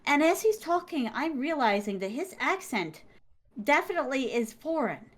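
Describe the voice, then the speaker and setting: Woman, high voice, excitable, dramatic storyteller, interview guest. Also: moderate pace. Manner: excitable, dramatic, laughs often. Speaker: guest, content creator. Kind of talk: animated storytelling.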